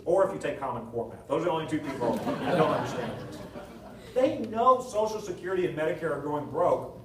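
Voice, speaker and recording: A man, a political candidate, answering at a town hall meeting, telling anecdotes with jokes in a lively storytelling manner. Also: fairly high pitch, distant mic, a little hiss or hum. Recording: echoey hall recorded from afar.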